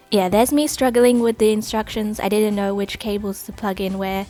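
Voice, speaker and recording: A woman's voice: mid-range voice, fairly even intonation, normal speed, few pauses, warm tone, soft background music. A woman vlogger giving a chatty, rambling voice-over for an unboxing video, full of "like" and "uh", on a not very good home microphone.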